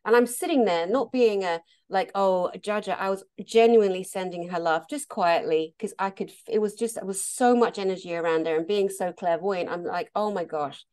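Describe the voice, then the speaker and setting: A woman therapist telling stories in a casual conversation, animated and laughing often. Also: medium pitch, a little fast, few pauses, clean tone. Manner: animated, laughs often, acts out quoted voices. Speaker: therapist and meditation teacher.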